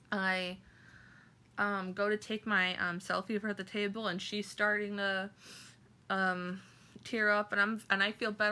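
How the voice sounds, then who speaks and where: A woman vlogger telling a personal story to camera, halting and emotional, with many fillers and restarts. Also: medium pitch, little pitch movement, sharp tone, smooth.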